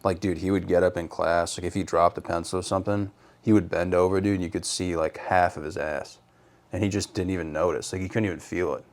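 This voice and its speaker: Casting: podcast host from Rhode Island, young man with a low, deep voice, easygoing chat full of "dude". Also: steady tone, fast talker. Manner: laid-back, says "dude" a lot, laughs hard. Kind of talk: casual chat.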